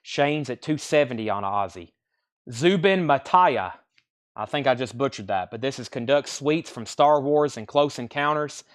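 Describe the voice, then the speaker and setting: Speaking at a medium pitch and a moderate pace with few pauses, this man runs a live online record sale. He rattles through albums and prices in casual, friendly patter, tripping over artists' names, and comes across as easygoing.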